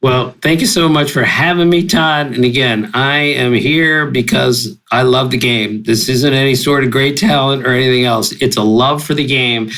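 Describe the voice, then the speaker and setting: An older man telling stories with exuberant energy, his pitch leaping up for punchlines. He speaks at a mid pitch and keeps up an animated, storytelling pace. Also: moderate pace, few pauses, poor audio. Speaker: guest sportswriter. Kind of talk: storytelling interview.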